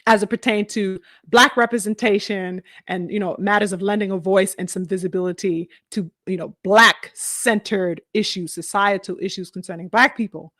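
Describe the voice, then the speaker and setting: A man's voice: sits high, normal speed, hardly any pauses, no room sound, studio quality. A man hosting a commentary channel, talking casually and profanely to his viewers about boxing drama. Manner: animated, profane, addresses viewers.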